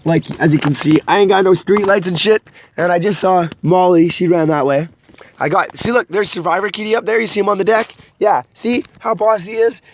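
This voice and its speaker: Gravelly, profane, rambling young man. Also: high voice, fairly quick, slight background noise. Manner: rambling, profane, darkly joking. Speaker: vlogger. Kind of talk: casual confessional monologue. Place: rural home at night, partly outdoors.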